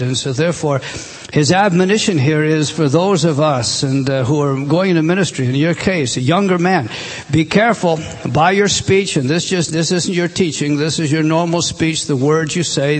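A man's voice: fairly high pitch, breathy edge. A middle-aged man preaching a sermon as pastor, earnest and exhorting, with frequent restarts.

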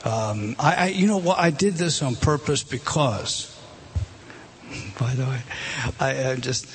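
A man's voice: medium pitch, slight background noise. A man teaching a Bible passage word by word, starting over often and pointing at a written page. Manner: halting, many restarts, points at a page and rises when stressing a word.

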